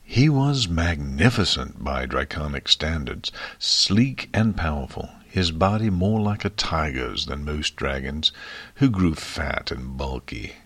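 A man narrates a fantasy story in a steady, expressive voice. His voice sits very low. The recording is dry and close, with no room echo. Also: unhurried. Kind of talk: audiobook fiction reading.

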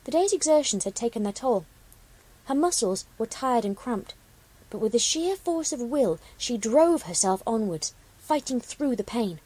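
Husky woman reading a story aloud. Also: a little high, normal speed, rough recording. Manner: expressive, dramatic reading. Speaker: story reader, show host. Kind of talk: storybook narration.

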